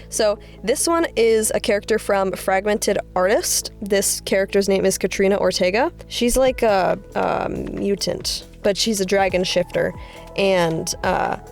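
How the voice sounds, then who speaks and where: A woman artist casually talking through her drawings, chatty and rambling, with excited high-pitched bursts. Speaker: artist vlogger. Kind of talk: casual art commentary.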